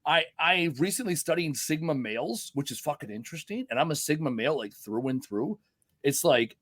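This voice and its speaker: A middle-aged man talks fast and swears freely, hosting a casual podcast with rambling stories. His voice sits a bit high for a man. The sound is dry and close, with no room in it. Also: a bit bright, no room sound. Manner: profane, rambling storyteller. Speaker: podcast host.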